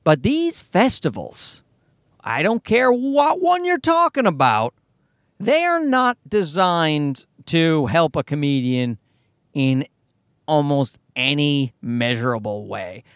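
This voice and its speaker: A man's voice: a little high, very animated, slow pace, no room sound, clean studio sound. A man hosting a comedy podcast, ranting in a worked-up way and swearing freely. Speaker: podcast host.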